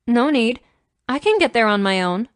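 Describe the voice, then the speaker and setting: A woman's voice: fairly high pitch, big pitch swings, moderate pace, no echo. A woman reading a wary young woman, independent and guarded, answering in clipped, defensive lines. The audiobook recording is dry and close.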